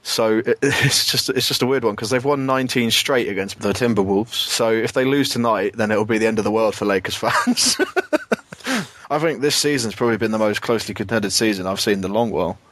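British man, young, low-pitched, chatty basketball talk, dry close sound. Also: lively intonation, a little fast, a bit bright, no room sound. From United Kingdom. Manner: chatty, many restarts and fillers, laughs often. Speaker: podcast co-host. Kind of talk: casual basketball chat.

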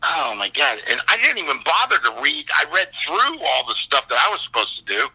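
Husky, bright-voiced man in his sixties. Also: on the high side, fairly quick, rough recording. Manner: animated storyteller who acts out the other people in his story. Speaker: actor guest. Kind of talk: casual anecdote telling.

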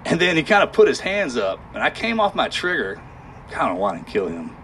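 Male guest, mid-pitched, emotional halting storyteller; faint background hiss. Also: wildly swooping pitch, fairly bright tone. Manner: halting, emotional, with sighs and restarts. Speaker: guest telling a war story. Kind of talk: candid storytelling in conversation.

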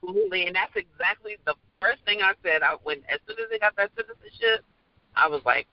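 A man's voice: high voice, wildly swooping pitch, creaky, no echo. Joking man on dry, muffled audio. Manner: joking, agreeable, quick replies. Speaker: podcast co-host. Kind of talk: casual political chat.

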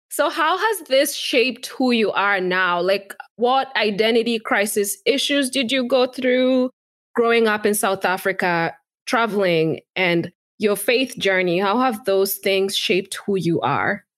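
A woman's voice: medium pitch, animated, slow, fairly bright tone. A woman hosting a casual interview, asking curious questions and laughing easily.

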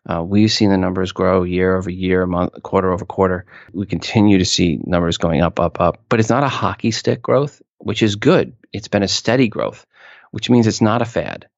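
A low, gravelly man speaks as an interview guest, explaining his points with emphasis and quick asides. The sound is a touch dull and lo-fi. It is dry, with no room echo. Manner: emphatic, quick asides, repeats words when restarting. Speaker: podcast industry expert guest. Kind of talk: conversational interview answers.

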